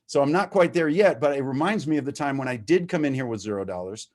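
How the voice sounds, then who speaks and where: A man with a mid-range, expressive voice talks at a quick pace over a video-call mic. He's a recovering addict sharing his story at a meeting, speaking candidly, swearing freely, and growing more worked up as he goes.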